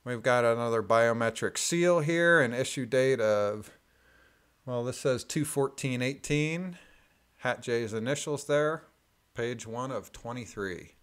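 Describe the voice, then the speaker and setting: A man reading court filings aloud in a methodical, deliberate way, adding plain spoken asides. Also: mid-range voice, a bit bright, smooth.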